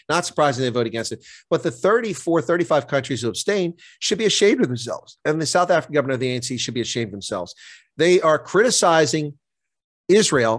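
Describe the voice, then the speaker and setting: A man's voice: medium pitch, dry recording. A man giving a guest interview on politics, speaking with indignant, impassioned emphasis. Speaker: guest commentator.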